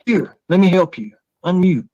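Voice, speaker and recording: A mocking, profane man running a livestream panel, his voice sitting a touch high for a man. The sound is dry and close, with no room around it. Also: expressive, normal speed, warm tone, no echo, dull audio. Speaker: livestream host. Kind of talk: crude roast-style panel chat.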